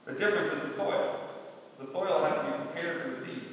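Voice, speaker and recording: A man's voice: on the high side, a little fast, a little hiss or hum. A man preaching a sermon as a pastor, in a conversational, folksy way with offhand asides. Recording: echoey hall, mic far off.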